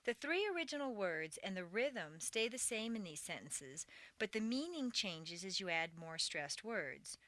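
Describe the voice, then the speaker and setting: Lively, bright-voiced woman reading a lesson. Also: medium pitch, no room sound. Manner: clear, deliberate, exaggerated intonation for drills. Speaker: English pronunciation teacher. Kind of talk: scripted audio lesson narration.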